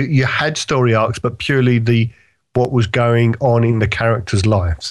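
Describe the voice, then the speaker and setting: A man in casual podcast chat, opinionated, holding forth and often checking in with "right?". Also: mid-range voice. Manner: opinionated, talks in long stretches with "right?" checks. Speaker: podcast co-host.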